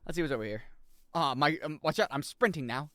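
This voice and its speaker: A young man giving casual, jokey commentary as he plays a video game, swearing and breaking into loud high-pitched yells. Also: fast, no echo, clean studio sound. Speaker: streamer.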